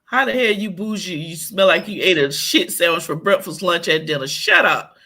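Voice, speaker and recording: American woman co-host: husky, bright, unhurried; animated pitch, blunt profane roasting. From United States. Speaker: podcast co-host. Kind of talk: casual chat.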